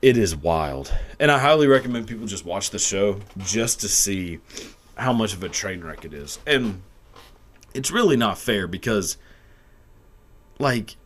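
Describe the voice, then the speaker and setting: Here a young male commentator with a lowish, expressive voice goes a little slow as he rants crudely at his camera, recorded on its mic. It's a rambling, comedic tirade, heavy on swearing and punctuated by laughter.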